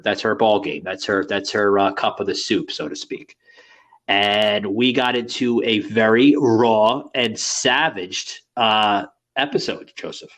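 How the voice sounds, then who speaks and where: A man's voice: fairly low pitch, fairly bright tone. A man hosting a podcast in casual chat, rambling with many fillers and crude banter. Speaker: podcast host.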